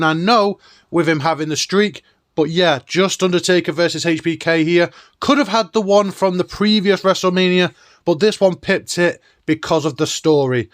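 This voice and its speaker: A man's voice: sits high, fairly bright tone, dry recording, clean studio sound. A man hosting a nostalgic countdown video in an enthusiastic, chatty way. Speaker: host.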